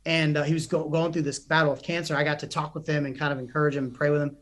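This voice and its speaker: A man's voice: fairly high pitch, very fast. A young man, a psychotherapist and coach, telling stories in a podcast interview with earnest energy and frequent restarts. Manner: animated, earnest, many restarts.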